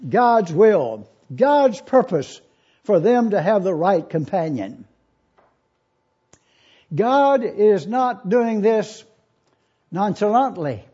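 An elderly male pastor preaches with a high, mellow voice. He reads scripture aloud and drives points home with slow, repeated questions, captured on a dull, lo-fi recording. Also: breathy edge. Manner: emphatic, repeats key questions slowly. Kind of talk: sermon.

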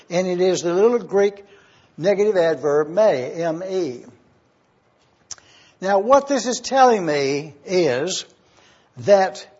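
A man giving an expository Bible teaching sermon as pastor, deliberate and repeating key phrases for emphasis. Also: high-pitched, a little mellow, husky, highs cut off.

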